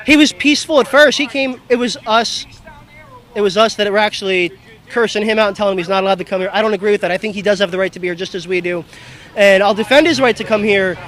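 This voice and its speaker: A man's voice: high-pitched, fast, fairly bright tone, rough recording. A man at an outdoor political rally, talking in a rambling, easily distracted way to an interviewer's camera. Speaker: rally attendee.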